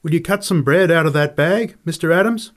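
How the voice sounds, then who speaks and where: A man voicing a calm, courteous camp cook who speaks in a polite, measured way. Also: a little high, pitched above the performer's own voice, natural voice.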